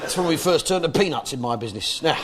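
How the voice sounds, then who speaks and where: A man's voice: on the high side, expressive, fast talker. A man doing a stand-up routine, brash and boastful in a mock-patriotic way. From Britain. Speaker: stand-up comedian. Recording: loud background noise.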